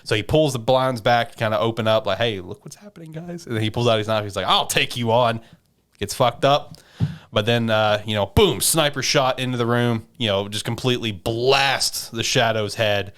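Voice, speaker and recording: A man's voice: medium pitch, steady tone, moderate pace, fairly bright tone, clear, resonant tone. A man hosting a podcast, casually retelling an anime episode in a rambling way with lots of fillers and swearing. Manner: rambling, filler-heavy storytelling with profanity. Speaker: podcast host.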